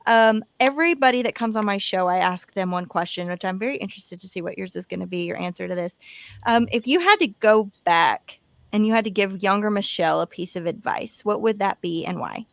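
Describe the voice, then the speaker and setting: A woman's voice: mid-range voice, expressive, brisk, vocal fry, dry recording. Encouraging woman podcast host, dry sound. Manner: encouraging, affirming listener. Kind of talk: casual interview chat.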